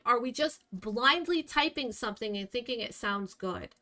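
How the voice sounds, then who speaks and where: A woman's voice: on the high side, lively intonation, moderate pace, few pauses, bright, forceful tone. Blunt, scolding young woman streamer. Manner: blunt, scolding, exasperated, swears. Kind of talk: live stream rant at chat.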